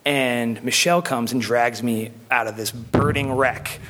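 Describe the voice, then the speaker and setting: A man's voice: mid-range voice, fairly even intonation, unhurried, very noisy. A man telling a rambling story to a live audience in a casual, comedic way. He swears freely and laughs in the middle of his sentences.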